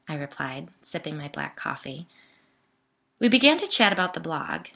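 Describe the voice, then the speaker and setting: A woman telling her own story in a conversational, wry manner. Her voice sits a little low but sounds bright and crisp, with easy, self-aware asides. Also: very animated, normal speed. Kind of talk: first-person story narration.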